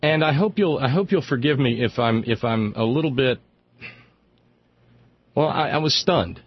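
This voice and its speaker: A man with a husky, slightly breathy voice hosts a radio talk show. He rambles sardonically through political commentary, stammering on repeated words when he gets fired up. The sound is dry and a bit dull. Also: mid-range voice, normal speed, no echo.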